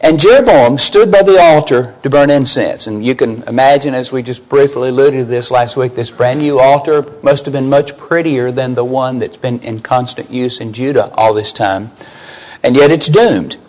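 A man's voice: mid-range voice, normal speed, a little mellow, poor audio. A man preaching a sermon, emphatic, putting questions to his listeners and rising on key scripture lines.

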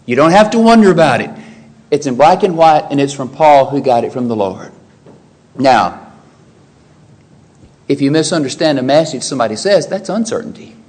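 A man preaching an expository sermon in an earnest, emphatic way, his pitch and loudness swinging widely as he presses his points. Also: expressive, normal speed, long pauses.

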